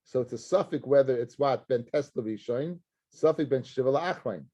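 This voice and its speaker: A middle-aged rabbi teaching a Talmud class, talking animatedly and slipping between English and Hebrew and Aramaic terms. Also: male voice, medium pitch, moderate pace, dark tone, lo-fi sound.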